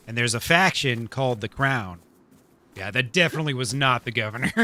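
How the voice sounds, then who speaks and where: A man's voice: medium pitch, bright, forceful tone. A man chatting casually while streaming a role-play game. He laughs often and pokes fun at himself. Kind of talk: casual chat while gaming.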